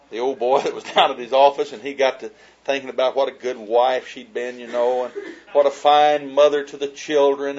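In a mid-range voice with the highs cut off, a man gives an audience a humorous, folksy talk about marriage. He tells stories and chuckles as he goes.

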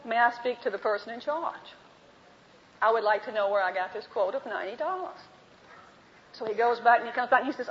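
Teaching a women's group in a hall, a high-voiced Bible teacher shares anecdotes and plays both parts of every dialogue. The recording is dull and lo-fi, with the hall's reverberation audible.

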